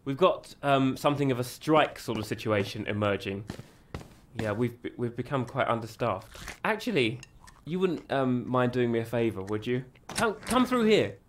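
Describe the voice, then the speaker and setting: A man voicing a flustered, apologetic stage manager in a video game, polite and hurried. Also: medium pitch, big pitch swings, slight background noise, natural voice.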